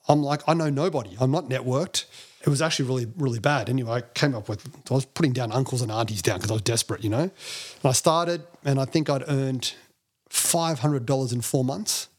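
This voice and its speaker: A man, a podcast guest who tells animated, self-deprecating stories and acts out other people's lines. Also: mid-range voice, brisk. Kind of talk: storytelling interview talk.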